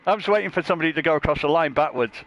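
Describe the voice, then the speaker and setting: A man's voice: a little high, animated, very fast. Male co-host, joking and crude, lo-fi stream sound with faint hiss. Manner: jokey, crude, laughs often. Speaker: livestream race commentator. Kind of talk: casual banter commentary.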